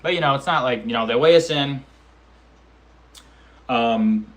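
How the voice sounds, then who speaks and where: Young male vlogger, slangy and animated, mid-pitched voice, casual storytelling. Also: measured pace. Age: 20s. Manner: animated, slangy, profane storytelling with acted-out quotes and sound effects. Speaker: amateur MMA fighter vlogger.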